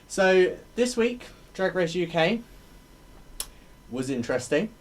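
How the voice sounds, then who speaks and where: A man's voice: high voice, very animated, slow, a little hiss or hum. A young man in drag chatting to a camera at home, reviewing a TV episode in a rambling way, often laughing and correcting himself. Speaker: drag vlogger reviewing a TV show. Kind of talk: casual solo video review.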